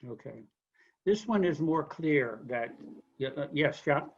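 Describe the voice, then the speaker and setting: A man lecturing a linguistics class, explaining question forms slowly with examples and apologizing for being unclear. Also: fairly high pitch, animated, breathy edge, muffled recording. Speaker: linguistics instructor.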